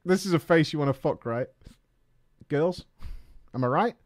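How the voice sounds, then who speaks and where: A man's voice: a little high, moderate pace. A man reading a story aloud to his viewers as a streamer, breaking off to swear, laugh and crack jokes to the boys.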